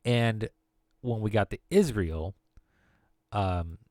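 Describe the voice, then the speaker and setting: This man, in his late thirties and originally from the former Soviet Union, takes his time in a lowish, darkish voice. The sound is dry and studio-clean as he streams from home, rambling casually, laughing a lot and often restarting sentences.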